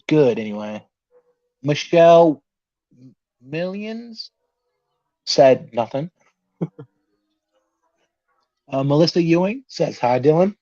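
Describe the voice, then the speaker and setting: A man's voice: a little high, expressive, slow, long pauses, mellow, no echo. A young man hosting a casual podcast livestream, nervous and laughing as he reads out viewer comments. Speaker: podcast host. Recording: dull, lo-fi dry sound.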